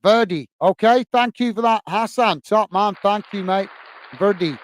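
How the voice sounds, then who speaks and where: A man's voice: sits high, fairly even intonation, normal speed, no echo. A man hosting a football fan live stream, upbeat and full of repeated thanks as he reads out viewer comments. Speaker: host of a football fan channel.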